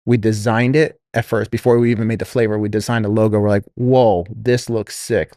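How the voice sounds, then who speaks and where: A man's voice: fairly low pitch, brisk, dry recording, clean studio sound. A man casually telling a business story on a podcast, rambling with fillers and restarts and quoting others. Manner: quotes others in lively voices.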